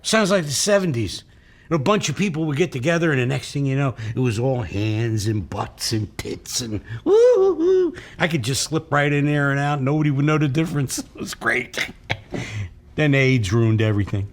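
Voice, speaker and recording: A man's voice: medium pitch, very animated, moderate pace. An actor playing an older man crudely boasting about seventies orgies, in a sitcom blooper clip. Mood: leering. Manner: crude, leering reminiscing.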